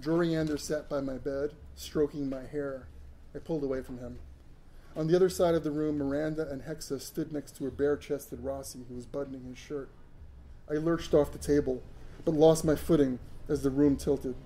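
Man reading fiction in a dark, mellow voice. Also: on the high side, steady tone, moderate pace, poor audio. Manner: earnest, occasional stumbles. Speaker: author reading his fiction. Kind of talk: first-person fiction reading.

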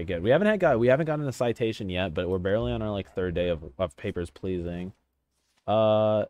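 A man giving excitable, chatty let's-play commentary while playing a video game, swearing casually. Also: fairly low pitch, clear, resonant tone. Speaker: gaming channel host.

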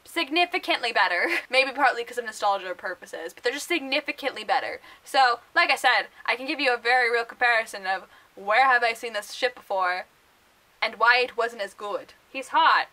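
A young woman rambling through casual book vlog commentary, full of fillers and quick laughs. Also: fairly high pitch, lively intonation, bright, forceful tone, low-quality recording. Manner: chatty and rambling, many fillers, laughs often. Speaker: book vlogger.

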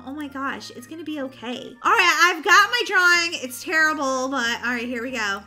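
A woman chatting casually over gameplay, bubbly, excitable and easily exasperated. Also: high voice, moderate pace, few pauses, faint music behind. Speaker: gaming channel host.

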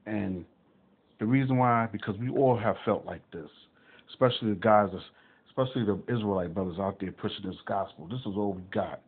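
A man's voice: lowish voice, fairly quick, slightly rough. An American man giving an earnest, informal scripture teaching as a preacher, talking in loose, repeating phrases. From United States. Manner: earnest, loose and repetitive, with restarts. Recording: tinny phone-like audio.

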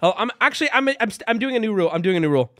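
Over slight background noise, a man with a high-sitting voice streams a game, sounding animated and talking very fast. His live commentary narrates each move out loud, full of swearing and sudden yelps.

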